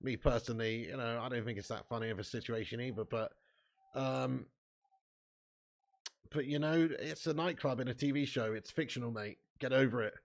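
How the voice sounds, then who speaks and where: A man's voice: mid-range voice, moderate pace. A man hosting a live football watch-along. He reads chat comments aloud and talks in a casual, sweary way. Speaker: fan channel host.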